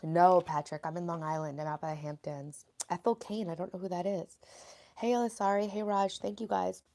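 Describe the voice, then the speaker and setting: A woman in her thirties from New York who has just woken up, chatting casually with live-stream viewers in her bedroom. Her voice is raspy, and she greets people by name as she reads the chat aloud. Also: fairly low pitch, fairly even intonation, brisk, dark tone. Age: 30s. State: sleepy, just woke up.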